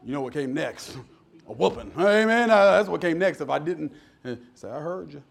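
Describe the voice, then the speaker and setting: A man's voice: a little high, lively intonation, normal speed, gravelly. A middle-aged man preaching a sermon as pastor, folksy and joking, building to emphatic preaching. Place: church.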